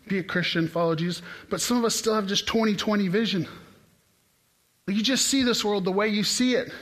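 A man preaching a casual, conversational sermon, climbing into loud, excited bursts as he retells the story. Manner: animated, conversational preaching with sudden rises in pitch and volume. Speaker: pastor.

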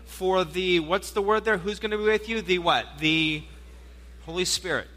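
A man preaching a sermon as pastor, telling stories in an animated way with playful asides, in a church hall. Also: high voice, normal speed. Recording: long hall reverb.

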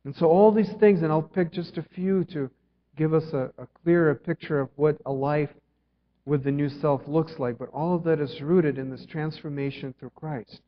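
A man preaching a sermon as pastor, earnest, moving between emphatic lines and hushed ones. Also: on the high side, moderate pace, a little hiss or hum. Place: church sanctuary. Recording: dull sound with long reverb in a hall.

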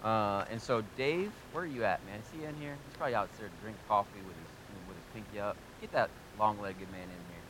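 A man preaching a sermon to a live congregation, energetic and joking, asking them questions directly. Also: fairly low pitch, a little fast, hardly any pauses, noisy background. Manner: energetic, joking and talking straight to the audience. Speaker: pastor.

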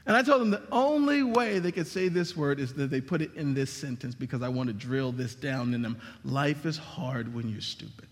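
A man preaching a sermon as pastor, emphatic, with sweeping swings in pitch and volume. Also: expressive, normal speed, hardly any pauses, long reverb tail. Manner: emphatic preaching with dramatic drops and rises in pitch.

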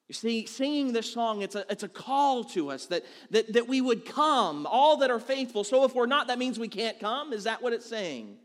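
A man's voice: high-pitched, fairly bright tone. A man preaching a sermon as pastor, earnest and conversational, building points through repetition. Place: church sanctuary. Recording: long hall reverb.

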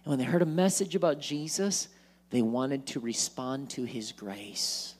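A man preaching a sermon in church, animated, acting out worried voices and joking asides. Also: mid-range voice, unhurried. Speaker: pastor. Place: church sanctuary.

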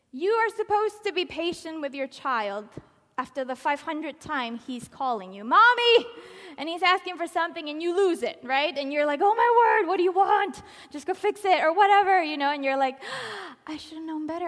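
A woman with a high voice delivers a sermon with animated, expressive energy. She acts out quoted lines and sometimes drops to a soft, almost whispered tone for emphasis. Her voice rings with a long reverb from a large hall. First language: Spanish.

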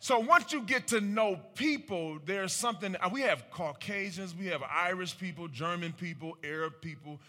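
Man, punchy and bright, call-and-response speaker in a reverberant hall; rhetorical, acts out voices. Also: high-pitched, moderate pace, hardly any pauses, faint music behind. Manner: animated, rhetorical questions, acts out quoted voices. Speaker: speaker at a community talk. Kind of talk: preaching-style public talk with audience call-and-response. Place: large room with an audience.

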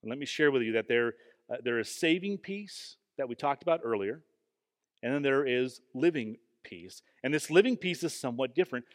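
A man preaching a sermon in an earnest, emphatic way, often pausing with fillers and restarting his phrases. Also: fairly high pitch. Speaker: pastor. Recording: long hall reverb.

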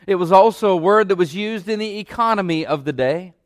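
A man's voice: sits high, expressive, brisk, no room sound, studio quality. A man preaching a sermon from a church stage, emphatic and repeating key phrases for weight.

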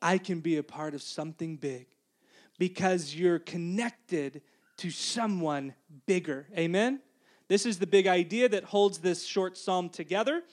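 A man delivering a sermon in a high, lively voice. He preaches conversationally, tossing in jokes and asking the congregation "Amen?" to keep them with him. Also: unhurried. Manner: conversational, calls for "Amen?" responses; joking asides to the congregation. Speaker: pastor.

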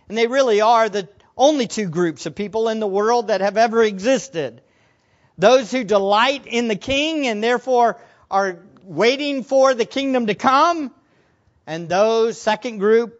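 A man preaching a sermon as pastor, emphatic, asking rhetorical questions and swinging between loud and soft. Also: extremely high pitch, muffled recording.

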